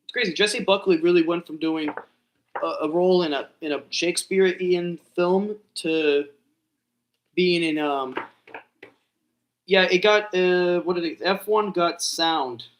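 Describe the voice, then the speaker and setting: A young man talks through a live reaction in a loose, rambling way, tossing in "bro" and "dude." His voice sits a little on the high side for a man. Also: unhurried, lo-fi sound. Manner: rambling, self-talking, says bro and dude. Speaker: vlogger reacting to an awards show. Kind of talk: casual live reaction chat.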